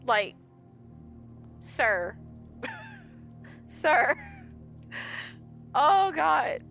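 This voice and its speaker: A woman game streamer chats casually while playing, laughing a lot and acting out other people's lines as she tells stories. Her voice is on the high side, fairly bright, with big pitch swings at a moderate pace. Faint game music plays behind her.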